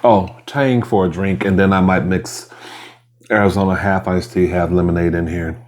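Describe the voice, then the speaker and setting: A man's voice: low voice, steady tone, moderate pace, darkish tone, slight background noise. A man vlogging at home as he eats, talking casually in a rambling, mildly aggrieved way between bites. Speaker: mukbang vlogger. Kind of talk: casual eating vlog.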